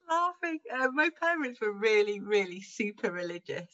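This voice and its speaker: A woman's voice: medium pitch, a bit bright, muffled recording. A middle-aged woman, a guest on an interview, who often laughs as she talks. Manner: laughs often while talking. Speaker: guest, improv performer. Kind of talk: casual conversational interview.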